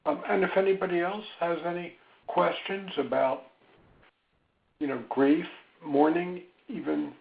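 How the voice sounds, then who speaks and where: Man, webinar speaker, reflective, slightly high voice, tinny phone sound. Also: fairly even intonation, unhurried, gravelly. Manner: gentle, reflective, with many ums. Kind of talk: slow, thoughtful webinar talk.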